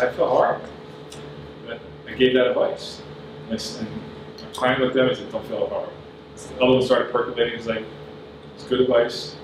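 A man giving a business talk at a conference, earnest and plain-spoken as he advises the audience. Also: medium pitch. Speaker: conference speaker. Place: large conference room. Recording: very echoey hall, voice from far off, audible noise.

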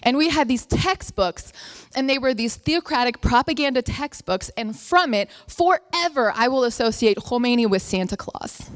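A woman's voice: fairly high pitch, animated, normal speed. A young woman telling a funny story live, acting out her family members' voices.

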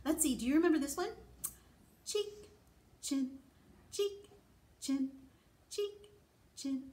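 A woman, a children's librarian, reading picture books to toddlers and singing rhymes in an animated, exaggerated sing-song. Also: sits high, slow. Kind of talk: toddler storytime with songs and rhymes.

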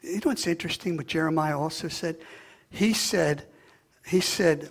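A male pastor preaching a sermon, swinging from hushed, near-whispered passages to loud, impassioned declarations. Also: on the high side, moderate pace, breathy edge.

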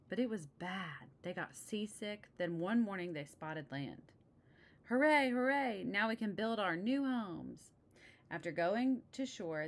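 Woman reading a children's book aloud. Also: fairly low pitch. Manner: casual asides between passages. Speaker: storybook reader.

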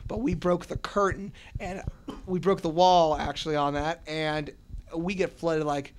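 A young radio and podcast host from Cincinnati, USA, talks excitedly in an interview on a convention floor, rambling and restarting repeatedly. His voice is on the high side at a moderate pace, picked up by a shared handheld mic.

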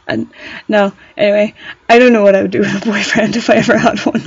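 A young woman co-hosting a podcast, chatting in a giggly, excitable and playful way. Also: mid-range voice, quick pace, creaky, slightly rough, dry recording. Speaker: podcast co-host. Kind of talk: casual chat. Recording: dry, dull lo-fi sound.

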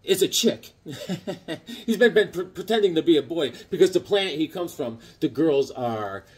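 A man's voice: fairly high pitch, normal speed. A middle-aged man hosting a casual vlog, rambling and joking as he shows comic books and tells stories. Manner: rambling, jokey, animated, acts out voices. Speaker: comic book collector host.

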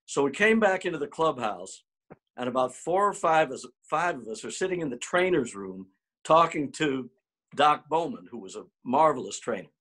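A man, a former ballplayer, telling an animated clubhouse story, acting out the quotes and stumbling over repeated words when excited. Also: mid-range voice, moderate pace. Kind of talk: anecdotal storytelling.

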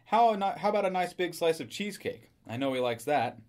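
A friendly neighborhood grocer in a read-aloud story, easygoing and helpful, as a man puts him on. He talks briskly and pleasantly with a regular customer. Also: on the high side, lively intonation, darkish tone, pitched above the performer's own voice, natural voice. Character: friendly middle-aged male grocer, chatty and helpful.

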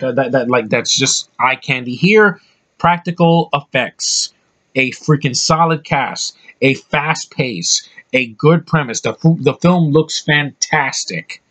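A young man reviews a film in a casual, excitable ramble. He stumbles through filler words and swears freely as he talks. His voice sits at a middling pitch. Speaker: movie reviewer. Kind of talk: casual spoken movie review.

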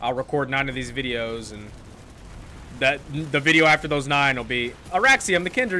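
A man's voice: mid-range voice, animated, normal speed, a little hiss or hum. A man giving casual, joking commentary over his own game footage. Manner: chatty, joking, loud outbursts. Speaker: gaming YouTuber.

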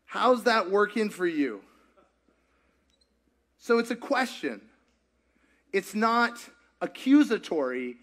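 Animated high-voiced man teaching a crowd. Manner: playful, jokey, asks the crowd questions. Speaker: pastor leading a group discussion. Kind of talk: interactive teaching talk with audience.

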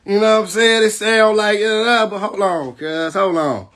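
A battle rapper, ranting aggressively and profanely on a livestream. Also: male voice, high voice, moderate pace, fairly bright tone. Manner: keeps asking "you know what I'm saying". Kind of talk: heated livestream rant.

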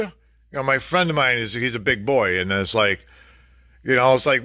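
A man's voice: medium pitch, lively intonation, moderate pace, pushed and bright, no echo, studio quality. A middle-aged man venting in a blunt, casual vlog rant, swearing freely and talking to the camera. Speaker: vlogger.

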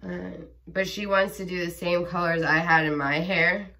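A woman's voice: on the low side, steady tone, normal speed, pushed and bright. A young woman vlogging casually at home, chatty and giggly, rambling with fillers. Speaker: vlogger mom. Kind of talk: casual chat. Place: home bathroom. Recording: voice from a distance.

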